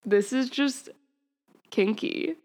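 A woman's voice: on the high side, takes it slowly, darkish tone. Giggling woman reading aloud on a podcast. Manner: keeps breaking into laughter and wry asides while reading. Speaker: podcast co-host. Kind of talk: reading fan fiction aloud on a casual podcast.

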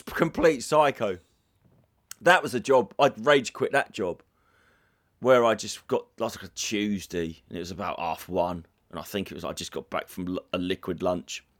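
A man's voice: deep voice, fairly bright tone. A man, telling a rambling, sweary anecdote in casual podcast chat.

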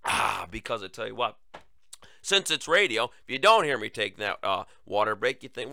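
A man's voice: fairly low pitch, sing-song, normal speed, vocal fry, sharp tone. A man hosting a solo political talk show, sarcastic and mocking, speaking to his listeners with a lingering cough. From United States. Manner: sarcastic, mocking, conversational asides to "folks". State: recurring cough. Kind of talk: solo opinion commentary.

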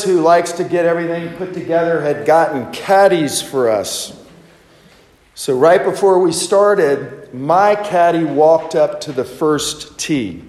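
Slow-speaking pastor in an echoing hall. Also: male voice, fairly high pitch, darkish tone. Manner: conversational, unhurried, with rhetorical questions. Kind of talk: Easter sermon with personal storytelling. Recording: echoey hall with long reverb.

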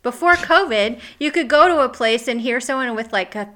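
A woman's voice: fairly high pitch, lively intonation, moderate pace, sharp tone. A woman who grew up in the Midwest, co-hosting a casual chat and musing aloud with hedges. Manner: chatty, hedging with "I'm assuming". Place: North Carolina.

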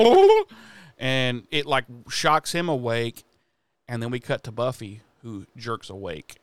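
A man co-hosting a podcast, casually recapping a TV episode in a profane, animated way. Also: mid-range voice, clear, resonant tone, no echo. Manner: profane, animated retelling with quoted voices.

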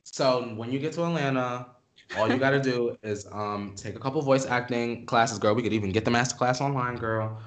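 A woman's voice: a bass voice, fairly quick. A woman co-hosting a podcast in sassy, emphatic casual chat, calling her friend "girl" again and again. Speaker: podcast co-host.

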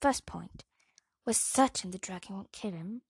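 A woman voicing a wary, slightly jealous teenage boy wizard who speaks in a measured, careful way. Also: mid-range voice, creaky, slightly rough, dry recording.

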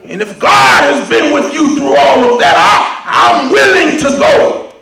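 Ruth, a preacher voicing a devoted young widow. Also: male voice, very high-pitched, big pitch swings, unhurried, gravelly, shouting, crowd noise, full character voice. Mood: earnest devoted. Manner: earnest, stammering vows. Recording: echoey hall from far off, congregation.

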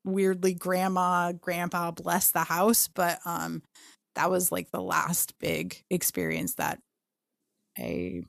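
A young woman tells a personal ghost story in a relaxed, chatty way. She swears easily and slips into little voices for the people she quotes. The sound is close and dry, with no room around her. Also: on the low side, slow pace, vocal fry, dry recording. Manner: animated, swears freely, acts out quotes. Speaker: podcast co-host. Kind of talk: casual storytelling.

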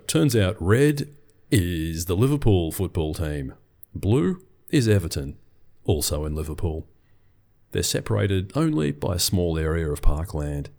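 A man's voice: low voice, darkish tone. A middle-aged man, telling a scripted business story in a dry, wry way. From Australia.

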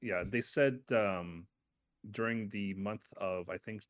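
Deep voiced guy chatting games, keeps restarting his sentences, dry mic. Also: takes it slowly, no room sound. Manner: rambling, self-correcting, animated bursts. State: has hiccups. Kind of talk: casual chat about video games.

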